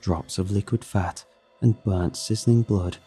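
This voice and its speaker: A man reading a horror story aloud in a measured, steady narration. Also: low-pitched, breathy edge, soft background music.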